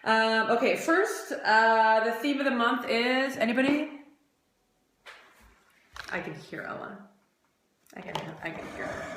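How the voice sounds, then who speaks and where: A woman's voice: on the high side, expressive, unhurried, long pauses, fairly bright tone, a little hiss or hum. A woman chatting casually on a phone livestream from home, rambling with many fillers. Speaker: athlete hosting a livestream. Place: room at home. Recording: roomy home recording.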